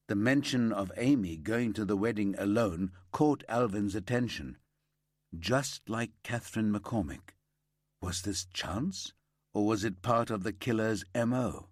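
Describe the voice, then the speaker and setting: A man narrating a crime thriller audiobook in a steady, lively storytelling manner on a close mic. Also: on the low side, a little slow, no echo.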